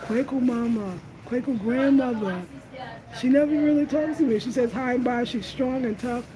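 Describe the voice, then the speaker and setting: A middle-aged woman hosting a casual livestream, telling lively stories to her viewers and laughing often. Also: a little high, normal speed, crowd noise, poor audio. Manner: animated storyteller, laughs often, addresses viewers as y'all. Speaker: host of a home design channel.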